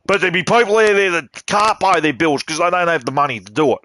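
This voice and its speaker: A man's voice: high-pitched, animated, brisk, few pauses, bright, forceful tone, no echo. An Australian man streaming a game, ranting bluntly and swearing as he talks. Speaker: gaming streamer. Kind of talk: casual ranting while playing.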